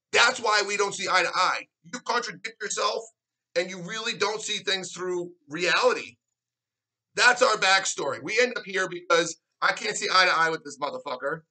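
A man's voice: high-pitched, sharp tone, poor audio. A man delivering a heated, profane, sarcastic rant to camera, mocking his rival in put-on voices. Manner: confrontational, sarcastic, mocks others in put-on voices. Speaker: arm wrestler vlogging a response.

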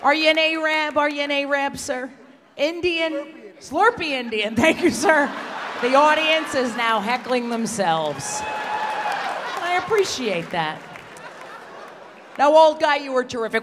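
A woman's voice: sits high, big pitch swings, measured pace, a little hiss or hum. Brash woman comic, echoey hall. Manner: brash, crude, teasing the crowd, often shouting. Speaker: stand-up comedian. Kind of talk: live insult comedy set. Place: stage in a large theater before a live audience. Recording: live hall recording with loud audience.

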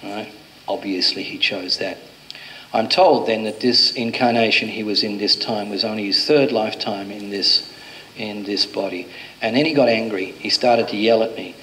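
A hypnotherapist giving a talk, a man recounting a session with a client as a lively storyteller who acts out the dialogue. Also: on the low side, moderate pace, rough recording. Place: event venue before an audience.

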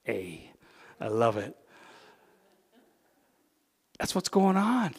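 A man with a Canadian accent, a pastor preaching a sermon, who swings from loud, emphatic peaks down to hushed, intimate asides. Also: on the high side, animated, unhurried, long pauses, long reverb tail. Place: church sanctuary.

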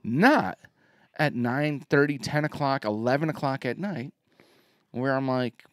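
A man's voice: medium pitch, measured pace, no echo, clean studio sound. A man co-hosting a podcast in casual chat, rambling with restarts and laughing along. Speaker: podcast co-host.

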